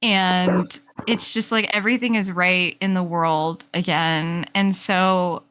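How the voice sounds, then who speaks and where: A woman player strings together a sweeping, overdone tale in one long run of "and then". Her voice is bright and clear, and she narrates with playful drama. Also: on the low side, fairly even intonation, slow. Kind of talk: improvised storytelling in a tabletop game.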